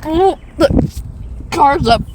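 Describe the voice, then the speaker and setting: A woman in her fifties, crying and distressed, venting from her parked car with halting, swearing speech and nervous laughs, recorded on a phone. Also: high voice, animated, noisy background. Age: 50s. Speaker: rideshare and delivery driver. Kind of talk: tearful venting video. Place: parked car in a fast-food parking lot.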